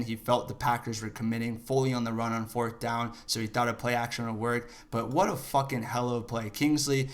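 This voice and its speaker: A man talks through football replays in a loose, unscripted commentary style. He swears often and slides into heated, shouted rants about missed plays before settling back into calmer analysis. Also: medium pitch. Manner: profane, shifts into shouting rants. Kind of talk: casual film breakdown commentary.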